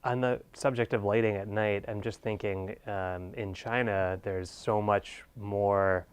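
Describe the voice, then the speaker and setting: A man's voice: lowish voice, fairly even intonation, unhurried, smooth. A man interviewing a guest at a conference, asking thoughtful, musing questions with small hesitations.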